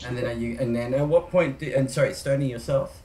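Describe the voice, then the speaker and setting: A man hosting an online show, relaxed and asking questions with restarts. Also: medium pitch, brisk, roomy sound. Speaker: host. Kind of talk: casual online show chat.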